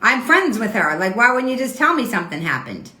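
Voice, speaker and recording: A woman's voice: fairly high pitch, very animated, fairly quick, sharp tone. A woman hosting her weekly live stream, arguing with viewers' comments in an indignant, repetitive way. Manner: indignant, argumentative, repeats herself. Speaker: host of a weekly live show. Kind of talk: Instagram live stream, reading and answering comments. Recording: echoey room.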